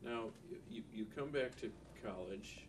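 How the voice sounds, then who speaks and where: A man asking oral history interview questions in a hesitant, halting way. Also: medium pitch. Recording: distant mic with noticeable background noise.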